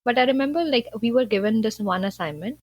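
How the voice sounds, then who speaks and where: A woman's voice: fairly high pitch, fast talker, dry recording. A woman from Punjab, India, speaking as a podcast guest in an earnest, chatty way, full of "like" and "you know". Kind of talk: casual conversational interview.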